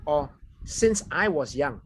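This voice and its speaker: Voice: medium pitch, very animated, slow pace, a crowd in the background. A speaker with a Singaporean accent giving a language evaluation on a video call and correcting grammar and pronunciation. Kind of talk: club speech evaluation.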